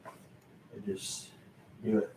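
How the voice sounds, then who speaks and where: A man's voice: roomy sound, background noise. A man casually rambling in a vlog about his record collection, with lots of fillers and mutters to himself while he searches. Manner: rambling, halting, many fillers and self-talk while searching.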